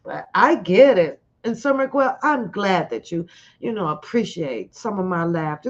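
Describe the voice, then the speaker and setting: Woman streamer, middle-aged, loose and profane chat, quick to laugh, dull lo-fi audio. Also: lowish voice. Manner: blunt, animated, profane, laughs often. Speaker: live stream host. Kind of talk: casual commentary to viewers.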